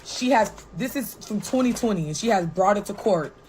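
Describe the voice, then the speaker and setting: A young woman guest on a talk show tells a personal story in a casual way, blunt, animated and full of swearing. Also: medium pitch, brisk, soft background music, poor audio. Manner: blunt, profane and animated, with frequent "like" and "right?".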